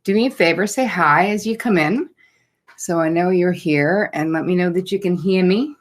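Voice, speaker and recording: A middle-aged woman with a slightly low voice welcomes viewers to a live online class from home. She chats casually and greets people by name and place as they arrive. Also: normal speed. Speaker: host of a live online masterclass. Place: home setup. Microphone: computer setup, looking down at notes.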